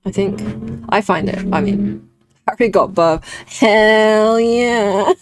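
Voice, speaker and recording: A woman's voice: medium pitch, slow pace, no echo, faint music behind. A young British woman chatting casually with her viewers while drawing on stream, reading chat and laughing often. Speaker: artist streamer.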